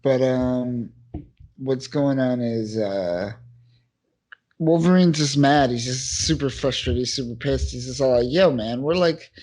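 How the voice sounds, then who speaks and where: A man's voice: mid-range voice, a little slow, a little mellow. A man co-hosting a podcast, recapping a comic in a rambling way with lots of fillers. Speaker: podcast co-host. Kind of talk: casual comic book chat.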